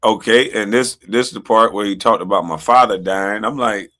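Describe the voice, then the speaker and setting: A man's voice: fairly low pitch, moderate pace, bright, forceful tone. A man streaming commentary on video clips, taunting and dismissive. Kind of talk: casual reaction commentary.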